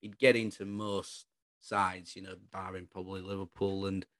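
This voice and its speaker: A man with a fairly low voice rambles through his football opinions in a relaxed, casual chat. The recording is close and dry, with no room sound around him. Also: normal speed, no room sound. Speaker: football podcast co-host.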